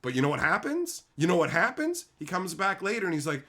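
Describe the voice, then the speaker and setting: A man's voice: fairly high pitch, fast, hardly any pauses. A man streaming about card games, ranting bluntly and profanely in a casual monologue, laughing often. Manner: animated storytelling, laughs often.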